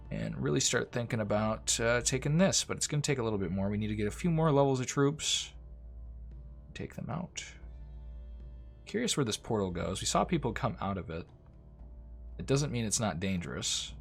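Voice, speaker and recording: A man's voice: mid-range voice, vocal fry. A man giving casual, chatty commentary while he plays a strategy game, often talking to the units on screen. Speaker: gameplay commentator. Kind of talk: casual let's-play commentary. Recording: faint music behind the voice. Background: faint game music.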